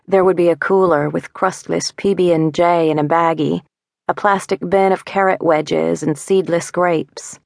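A woman narrator reading a first-person literary story in a measured, wry, intimate way, close on a studio mic. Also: lowish voice, steady tone, gravelly, a little mellow, no room sound. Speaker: audiobook narrator.

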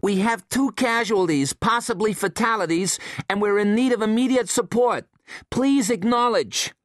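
A man voicing an anxious woman meteorologist making an urgent, pleading distress call in a much higher voice. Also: normal speed, no room sound, studio quality, close to an everyday voice. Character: anxious woman meteorologist calling for help over radio.

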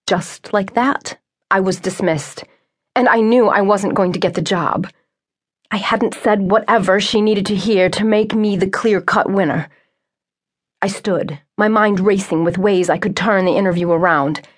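Brief: female audiobook narrator, clear, steady, first-person storytelling. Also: medium pitch, unhurried.

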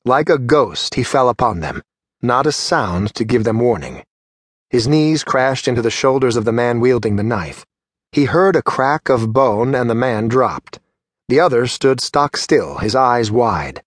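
A man's voice: mid-range voice, no room sound. Man narrating a fantasy audiobook, dry voice. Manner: measured, steady storytelling. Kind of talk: scripted narration.

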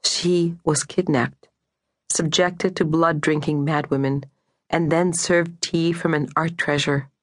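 Woman audiobook narrator, measured and deliberate, very slow, dry close-miked studio sound. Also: sits low, fairly even intonation, no echo. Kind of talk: scripted narration. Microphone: close studio mic.

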